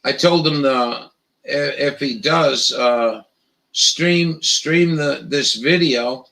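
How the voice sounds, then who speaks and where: A man hosting a casual live stream, rambling in a profane, halting way with lots of restarts. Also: mid-range voice, gravelly, sharp tone, poor audio.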